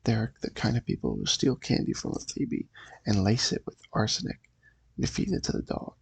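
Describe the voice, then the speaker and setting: A man reading as a gravelly ghoulish comic-book horror host. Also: lowish voice, huge pitch swings, normal speed, dry recording, exaggerated voice, poor audio. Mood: sly. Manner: teasing asides to the reader.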